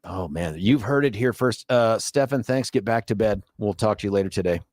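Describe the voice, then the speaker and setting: A middle-aged man with a low voice hosts a radio talk show, trading jokes and laughing easily as he tells stories. The studio mic sounds close and completely dry. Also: a little fast, no echo. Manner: joking, laughs often, animated storytelling. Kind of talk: casual radio banter. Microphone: studio microphone.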